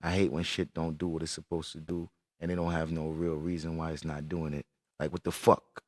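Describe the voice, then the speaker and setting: A man's voice: very deep voice, little pitch movement, a little fast, no echo, clean studio sound. A man live-streaming casual chat from his computer, swearing in frustration and greeting viewers as he works.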